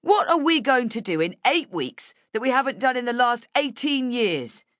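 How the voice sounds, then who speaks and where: A woman voicing an outraged male writer in an audiobook, almost shouting. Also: on the high side, sing-song, moderate pace, no room sound, clean studio sound, voice pushed up. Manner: bellowing, outraged. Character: loud indignant male senior writer.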